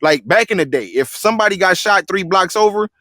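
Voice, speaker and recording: Middle-aged male host, animated and laughing, bright forceful voice, dry close sound. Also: sits high, fairly quick, dry recording. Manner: animated and laughing, fills with "you feel what I'm saying". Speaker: interview host. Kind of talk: casual interview chat.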